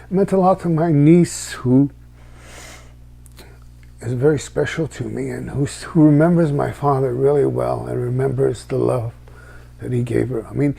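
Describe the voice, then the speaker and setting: A middle-aged man telling a personal story in a halting, reflective way, with frequent restarts. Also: mid-range voice, steady tone, vocal fry, mellow, husky.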